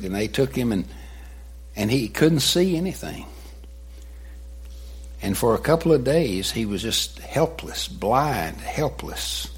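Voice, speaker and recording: A man's voice: mid-range voice, animated, measured pace, pauses often, husky. A male preacher retelling a story in a sermon, dramatic and voicing the quotes himself.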